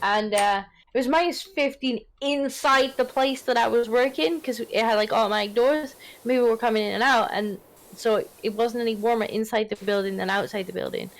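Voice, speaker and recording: A woman from Britain chatting on a gaming stream, telling stories in an animated, incredulous way. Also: fairly high pitch, brisk. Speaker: streamer guest. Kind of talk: casual gaming stream chat.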